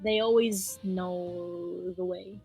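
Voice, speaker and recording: A woman's voice: lowish voice, steady tone, slow, vocal fry, darkish tone, soft background music. A woman co-hosting a podcast, chatting casually with a giggly, teasing manner. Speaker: podcast co-host. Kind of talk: casual chat.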